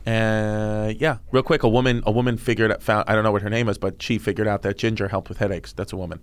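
A man's voice: lowish voice, level tone, fast, smooth. A man co-hosting a podcast in casual chat, goofy and rambling. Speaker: podcast co-host.

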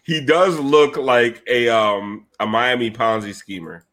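A man's voice: mid-range voice, a little slow, a bit bright. A man hosting a casual sports podcast who talks in a rambling, profane way. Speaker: host. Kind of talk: casual chat.

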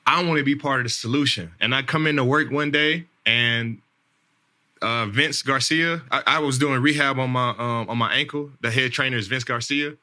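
Telling a rambling, casual story on his podcast, an NFL player in his thirties keeps returning to "man" and "like" and repeats himself often. His mid-range voice is bright and forceful, moving at a moderate pace.

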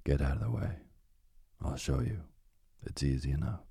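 A man's voice: rumbling low, moderate pace, gravelly, dark tone, breathy edge, no room sound, studio quality, heavily acted. A man voicing a cruel old witch who barks contemptuous orders in a storybook reading. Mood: scornful. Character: cruel old woman witch, harsh and scornful.

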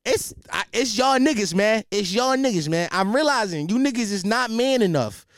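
A young man doing a comedic rant, animated and profane, full of slang and repeated restarts. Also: sits high, moderate pace, no echo, studio quality.

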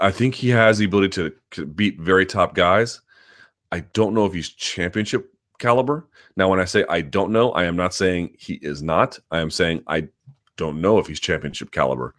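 Low-voiced man hosting a live chat. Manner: talks quickly and hedges, lots of ums and restarts; reads viewer questions aloud, then answers at length. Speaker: host. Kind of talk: live chat answering viewer questions.

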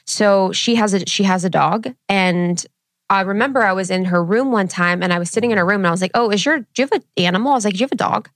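A young woman co-hosting a podcast, chatting casually and acting out quoted lines in a lively way. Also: quick pace, no echo, clean studio sound. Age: young adult. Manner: chatty storyteller, acts out quotes with rising pitch. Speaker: podcast co-host. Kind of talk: casual chat.

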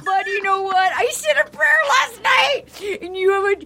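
A distraught middle-aged mother, put on by a woman, sobs and wails her pleas. Her voice climbs high and bright, cracking with tears and breaking into shouts. It is a broad comic send-up. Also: lively intonation, moderate pace, heavily acted. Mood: tearful pleading. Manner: sobbing, wailing pleas.

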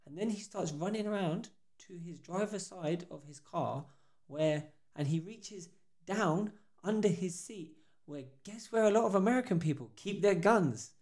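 A man's voice: high voice, moderate pace. Young guy on a podcast, chatty, acts out everyone in his stories. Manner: animated storyteller acting out quotes. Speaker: podcast co-host. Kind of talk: casual chat.

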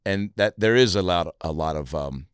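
A deep-voiced man hosts a relaxed comedy podcast, telling stories loosely and leaning on fillers. The sound is close and dry, with no room around him. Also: normal speed, clean tone, no room sound. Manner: filler-heavy, animated storytelling. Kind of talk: casual podcast chat.

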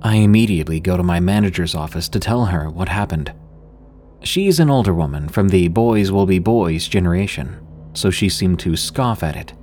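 A man narrating a first-person work story in a steady, scripted storytelling delivery. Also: sits low. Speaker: podcast narrator.

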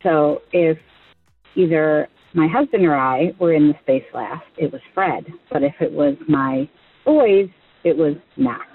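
A woman with a low, husky voice leaves a chatty voicemail for a radio show and tells a family anecdote. She is from Michigan. Soft music plays faintly behind her. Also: measured pace, no echo, narrow, tinny audio. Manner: chatty storytelling. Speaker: caller. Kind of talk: phone voicemail message.

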